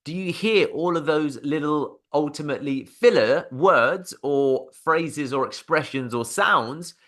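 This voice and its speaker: A man's voice: fairly high pitch, animated, slow, fairly bright tone. A man teaching cold-calling technique with energy, breaking off to act out sample phone phrases. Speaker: sales coach. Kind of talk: instructional talk to camera.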